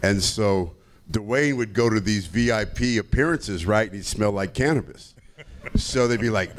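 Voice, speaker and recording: Low-voiced easygoing man telling a story. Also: moderate pace. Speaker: panel guest, retired wrestler. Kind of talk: storytelling on a panel. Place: convention panel room.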